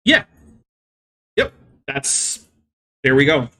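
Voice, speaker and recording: A man's voice: medium pitch, very animated, drawn-out words, sharp tone. A man hosting a live stream, explaining science at length with many "I mean" fillers. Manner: careful, lecturing explanations. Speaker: livestream host.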